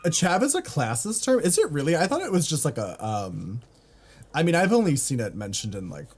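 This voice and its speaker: Laughing man with a very lively voice. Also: fairly high pitch, brisk, breathy edge. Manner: laughs often, reacts to chat. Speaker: streamer host. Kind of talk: casual live-stream chat. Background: people making noise nearby.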